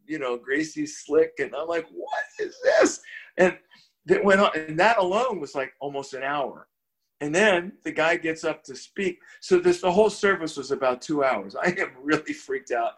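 As an interview guest, an older man shares a personal story, his voice on the high side. He's casual and animated, frequently restarting words and chuckling along the way.

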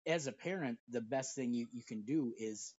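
A middle-aged father co-hosting a casual podcast, talking in an animated way and acting out his anecdotes. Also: medium pitch, moderate pace, husky, no room sound. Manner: animated storyteller, puts on voices in his anecdotes. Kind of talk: casual conversation. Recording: dry, dull lo-fi audio.

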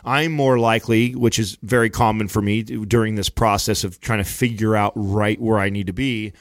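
A man's voice: on the low side, steady tone, normal speed, dry recording, studio quality. A man co-hosting a podcast in casual chat, rambling and often restarting his sentences as he explains. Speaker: podcast co-host.

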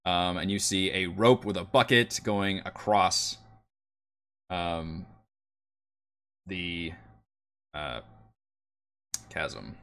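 A man runs a tabletop game as game master. His narration is very slow and studded with ums and uhs. His voice sits on the low side. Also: fairly bright tone. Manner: slow, with frequent fillers.

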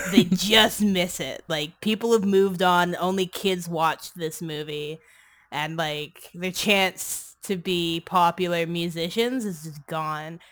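A woman's voice: lowish voice, fairly bright tone. A woman casually recapping a movie on a comedy podcast, rambling and sarcastic, swearing often and saying "like" constantly. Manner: rambling, sarcastic, crude, heavy use of "like". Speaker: podcast co-host.

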